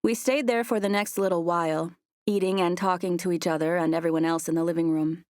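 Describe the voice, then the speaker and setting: A woman narrating a first-person romance audiobook with soft, earnest storytelling. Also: on the low side, fairly even intonation, fairly quick, no room sound, studio quality.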